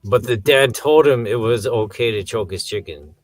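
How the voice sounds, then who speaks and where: A man co-hosting a casual show, throwing in quick joking one-liners. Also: mid-range voice, dry recording, soft background music. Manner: jokey, quick one-liners, laughs a lot. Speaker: podcast co-host. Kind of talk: casual chat.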